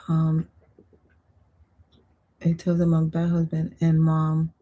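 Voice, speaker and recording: A woman hosting a livestream, telling stories in a chatty, expressive way and reading viewer comments aloud. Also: fairly low pitch, unhurried, vocal fry, long pauses. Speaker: livestream host. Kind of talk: casual storytelling chat.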